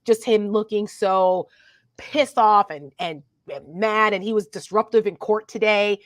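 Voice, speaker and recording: A woman's voice: medium pitch, a little slow, no echo, clean studio sound. A woman co-hosting a casual political chat, chatty, with many fillers and laughs. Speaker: co-host.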